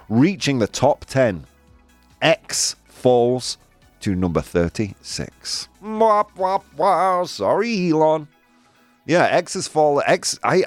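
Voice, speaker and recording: A man's voice: mid-range voice, no echo. A man hosting a casual news chat show, chatty and jokey, laughing often and making asides. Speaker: host.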